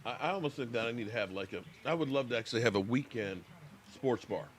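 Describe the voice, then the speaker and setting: A man's voice: medium pitch, quick pace. An American man hosting a casual live sports reaction stream, chatting with viewers by name and talking while he eats.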